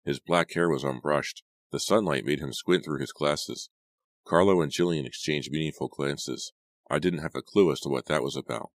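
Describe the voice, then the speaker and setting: A man reading a young adult horror novel aloud as a steady audiobook narrator. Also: a bass voice, moderate pace, no room sound. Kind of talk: scripted narration.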